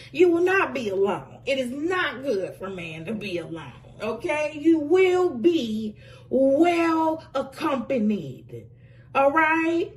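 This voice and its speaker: A woman's voice: high voice, far from the mic. A woman giving a casual tarot reading, emphatic and effusive, swearing freely and calling the listener pet names. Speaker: tarot reader.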